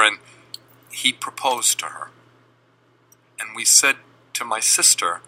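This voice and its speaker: A middle-aged man from Boston telling a personal family story with deliberate, dramatic pauses. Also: lowish voice, sharp tone, poor audio.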